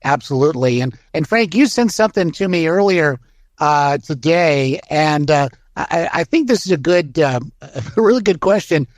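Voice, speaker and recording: Lively, agreeable male talk host. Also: fairly high pitch, no room sound, clean studio sound. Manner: agreeable, chiming in with quick assent. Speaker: show host. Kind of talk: casual political talk show.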